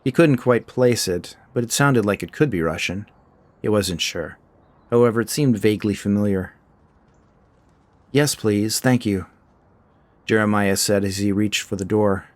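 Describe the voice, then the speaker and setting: A man narrating a short fiction story in a measured, scripted storytelling style. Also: lowish voice, no echo.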